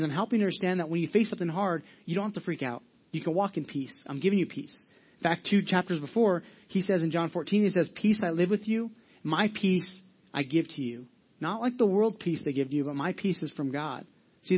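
A man's voice: a little high, breathy edge, lo-fi sound. A man preaching a sermon in an earnest, conversational way, asking the congregation questions and answering them. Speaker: pastor.

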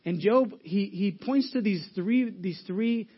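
Male pastor, high voice, casual humorous preaching; dull lo-fi church recording. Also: slow, breathy edge. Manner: conversational, acts out Bible voices with humor. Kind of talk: sermon.

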